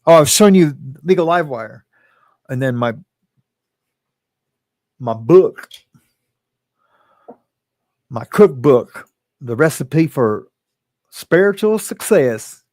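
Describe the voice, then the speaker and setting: Speaking slowly with long pauses, a man with a slightly high, animated, darkish voice hosts a relaxed livestream in his living room. He laughs a lot, reads viewers' comments out loud and chats loosely, using a webcam or phone, in a dry recording.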